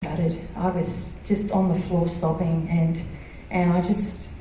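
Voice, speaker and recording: A woman's voice: on the low side, flat delivery, dark tone, recorded from a distance, slight background noise. Woman giving testimony in an echoey hall. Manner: halting, many fillers and restarts. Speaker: church member giving testimony. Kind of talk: personal testimony. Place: church hall.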